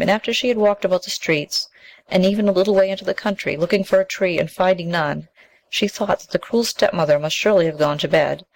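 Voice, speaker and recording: A woman reads a fairy tale in a calm, steady narration. Her voice sits low and has a gravelly, fry-tinged texture. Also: low-quality recording. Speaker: storyteller.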